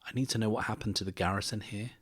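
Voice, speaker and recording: A man voicing an intent male soldier who speaks in a low, urgent, conspiratorial way. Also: fairly even intonation, racing, breathy edge, no echo, studio quality.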